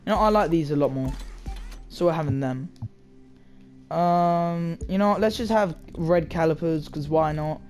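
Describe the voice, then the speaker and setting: A young man with a slightly high voice gives casual, rambling gameplay commentary from his chair at home at a normal pace. The gaming video creator fills it with slang and asides to viewers over loud game music.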